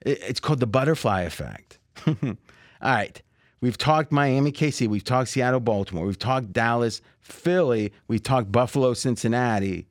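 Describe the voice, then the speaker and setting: A man's voice: medium pitch, moderate pace, no room sound. Dry-voiced chatty male sports host. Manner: chatty, laughs often, restarts phrases. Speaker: sports betting podcast host. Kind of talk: casual sports chat.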